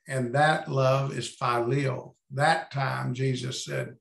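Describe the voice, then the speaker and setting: A man's voice: mid-range voice, slow, creaky, reverberant. A man leading a Bible study over a video call, thinking aloud as he reads and paraphrases scripture.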